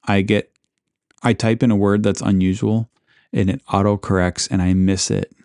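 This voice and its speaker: A man hosting a podcast, casually narrating local history in a relaxed, rambling way, with asides and self-corrections. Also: fairly low pitch, moderate pace, gravelly, smooth, no echo, studio quality. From Alaska. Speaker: podcast host.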